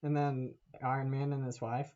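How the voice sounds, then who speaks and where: A man's voice: mid-range voice, little pitch movement, normal speed, darkish tone, dull audio. A man giving a casual, rambling movie rant to camera, laughing often and swearing as he talks. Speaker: vlogger.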